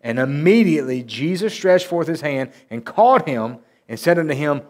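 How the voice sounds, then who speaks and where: A man's voice: a little high, lively intonation, moderate pace, hardly any pauses. Earnest man preaching. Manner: earnest and conversational, lifting his voice when reading scripture aloud. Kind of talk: sermon with Bible reading. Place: church service.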